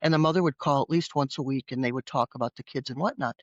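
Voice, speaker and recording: A woman's voice: extremely low pitch, fast talker, dry recording, muffled recording. A woman guest author telling stories animatedly in a conversational interview, often acting out what people said. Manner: animated, acts out voices in her anecdotes. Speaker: guest author and former teacher.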